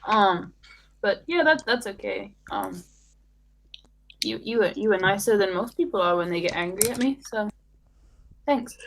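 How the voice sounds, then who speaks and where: A woman player speaking in character in a soft, hesitant, stammering way. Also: medium pitch, expressive, a little slow, pauses often, a little hiss or hum, rough recording. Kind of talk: in-character tabletop play.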